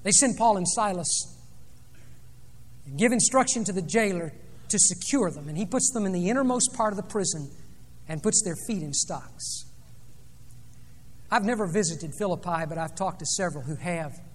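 A man preaching a sermon, retelling a scripture story dramatically, rising loud and dropping soft. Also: high voice, expressive, normal speed, long pauses. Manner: dramatic storytelling with sweeping swings in loudness. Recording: long reverb of a large hall.

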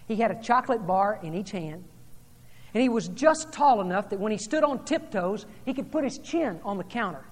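A woman preacher delivering a sermon, telling a story and then speaking in hushed, earnest tones. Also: medium pitch, animated, moderate pace. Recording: long hall reverb.

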